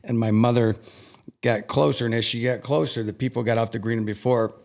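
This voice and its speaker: A man in a podcast conversation who tells a deeply personal story. His voice sits at an ordinary middle pitch, and he speaks earnestly and with feeling, often stopping to restart a sentence. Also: steady tone, a little fast, gravelly, darkish tone. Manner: earnest and emotional, with frequent restarts. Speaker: podcast guest.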